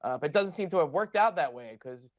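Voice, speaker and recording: A man's voice: on the high side, animated, fast, no echo. A man giving blunt, wry political analysis as a guest on a live news panel.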